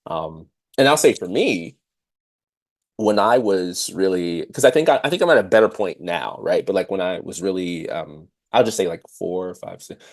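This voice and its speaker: A man in his thirties co-hosting a dance podcast, talking in a reflective, casual way with many fillers and lively quoted asides. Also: deep voice, normal speed. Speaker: podcast host. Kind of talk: casual conversational chat.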